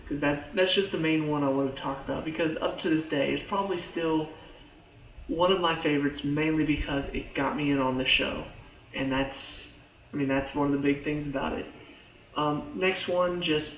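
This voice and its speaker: An excitable man reviews a TV show in a casual ramble, with a fairly high voice. The recording is roomy and dull, with a faint hiss underneath. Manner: excitable, lots of fillers and restarts.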